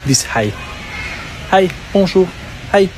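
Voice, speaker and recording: A man from France with a French accent, vlogging outdoors in a wry, deadpan way. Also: sits high, slow pace, noisy background. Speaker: visitor vlogger. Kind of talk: casual vlog to camera. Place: outdoors in town. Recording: outdoor clip with loud music.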